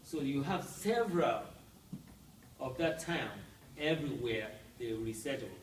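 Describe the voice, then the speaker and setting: A man's voice: mid-range voice, lively intonation, unhurried, echoey room, far from the mic, a little hiss or hum, low-quality recording. A man teaching a language class, explaining step by step and often checking with "right?". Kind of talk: classroom lesson.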